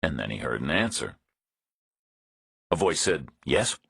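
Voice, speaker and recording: A man reading a crime thriller audiobook in a steady, even storytelling delivery. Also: extremely low pitch, a little slow, vocal fry, husky, no echo, studio quality. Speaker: audiobook narrator. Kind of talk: scripted audiobook narration.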